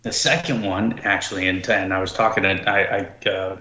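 A man talking casually on a podcast, halting and full of fillers and restarts. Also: low-pitched, sharp tone, a little hiss or hum. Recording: dull, roomy sound.

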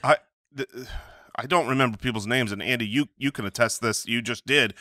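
Bright-voiced male comedy podcast co-host, rambling and self-deprecating. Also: medium pitch, a little fast, no echo, clean studio sound. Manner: rambling, self-mocking storyteller. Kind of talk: casual comedic banter.

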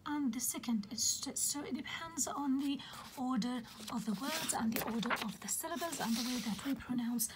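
A woman teacher giving a poetry lecture, patiently repeating key terms, often saying "okay" and correcting herself, in a breathy, half-whispered voice. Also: sits high, moderate pace, heavy background noise. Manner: corrects herself mid-sentence.

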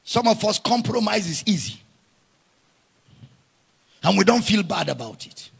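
A male pastor preaching a sermon, often shouting his lines and stretching words out for emphasis. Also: high voice, sing-song, vocal fry, breathy edge. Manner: drawn-out emphatic phrasing.

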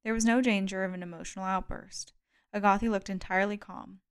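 A woman narrates a novel as an audiobook in a steady, measured way. Her voice is smooth and clear, set at an ordinary middle pitch. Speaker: audiobook reader.

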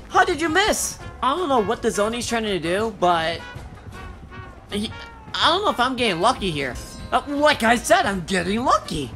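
A young gamer giving excited, profane commentary while playing, taunting the opponent. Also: mid-range voice. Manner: excitable, swears a lot, taunts the enemy. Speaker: gamer doing live commentary. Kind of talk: casual gameplay commentary.

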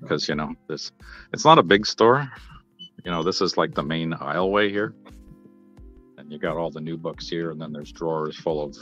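A man chatting casually on a livestream from his phone while browsing a small comic book store, talking in a relaxed, rambling way. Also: extremely low pitch, normal speed, long pauses, lo-fi sound, soft background music. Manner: laid-back, rambling. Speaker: livestream panel guest. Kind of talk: casual chat.

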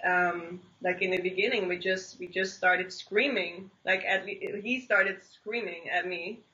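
A woman's voice: on the low side, a little slow. Woman telling a story on a dull, lo-fi call. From the Netherlands. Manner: animated, heavy use of "like" and restarts. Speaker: interview guest, singer-songwriter. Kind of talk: casual storytelling interview. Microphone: online video call.

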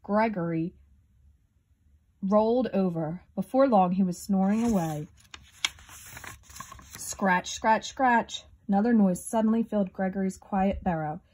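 Expressive woman reading a picture book. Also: mid-range voice, moderate pace. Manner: clear, expressive storytelling. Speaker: storybook reader.

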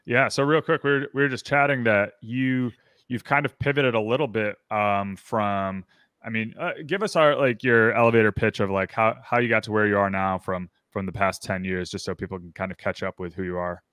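A man's voice: lowish voice, fairly even intonation, fairly quick, fairly bright tone, clear, resonant tone, dry recording. A man hosting a podcast interview, upbeat and rambling, full of fillers and restarts. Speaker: podcast host. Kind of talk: casual interview chat.

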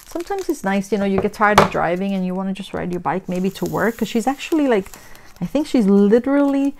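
A woman's voice: mid-range voice, expressive, fairly quick, heavy background noise. Chatty middle-aged woman telling stories. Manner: chatty storyteller, acts out dialogue with big reactions. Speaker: craft vlogger. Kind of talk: casual chat while crafting.

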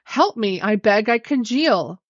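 A woman's voice: mid-range voice, expressive, measured pace, no room sound, highs cut off. Woman doing a pleading, freezing water ghost. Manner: pleading, desperate.

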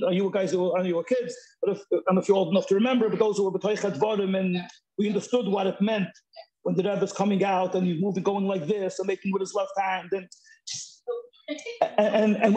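Middle-aged man, high mellow voice, video call, halting casual talk. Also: rough recording. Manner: halting, restarts often, mixes in Yiddish and Hebrew terms. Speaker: Zoom discussion participant. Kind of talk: casual chat.

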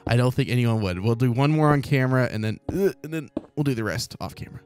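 A man talking through a building game at his desk in an ordinary, mid-range voice. His commentary is casual and rambling as he thinks aloud, upbeat and chatty, with soft calm music playing faintly underneath. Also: medium pitch, quick pace, smooth. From Oklahoma, US. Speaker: let's play host. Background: faint calm background music.

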